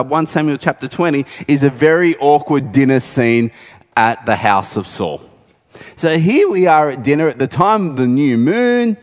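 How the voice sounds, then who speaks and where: A man's voice: mid-range voice, in a large hall. A man preaching a sermon in a conversational storytelling way, retelling scripture with casual asides.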